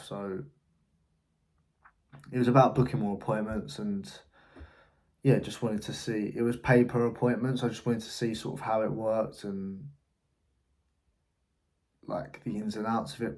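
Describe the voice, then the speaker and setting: A man with a fairly low, gravelly, darkish voice runs an agency and tells a story in a casual vlog. Swearing freely and speaking bluntly, he describes a frustrating call.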